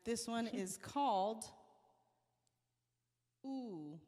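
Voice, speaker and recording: In a large hall, a woman host and singer tells stories in a casual live-stream chat. Her fairly high voice is very slow, and she's animated, laughing often while acting out quotes.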